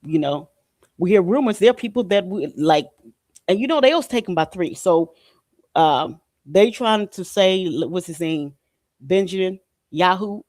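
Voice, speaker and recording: A man's voice: high voice, lively intonation, unhurried, darkish tone, no room sound, clean studio sound. A man hosting a podcast, preaching in a casual, emphatic, repetitive way with slang and cursing. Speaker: podcast host. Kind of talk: casual spiritual monologue.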